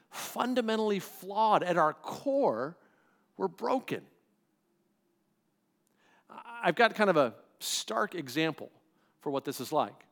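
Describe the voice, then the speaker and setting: Male pastor, middle-aged, high voice, casual sermon delivery with acted-out quotes. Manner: conversational preaching, acts out quoted voices.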